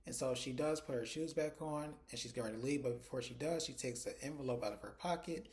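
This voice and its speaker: A man's voice: medium pitch, brisk, a little mellow. A man giving a casual recap of a TV episode, retelling it chattily through quoted dialogue. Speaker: TV episode reviewer.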